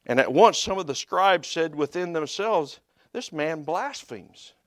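A man preaching a sermon, telling a story quietly and then rising into loud, emphatic preaching. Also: fairly high pitch, expressive, unhurried, no room sound, studio quality.

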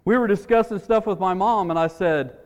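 A man's voice: high-pitched, brisk, in a large hall, lo-fi sound. A man preaching a sermon in a church, in an earnest, conversational way, repeating his words as he tells a story.

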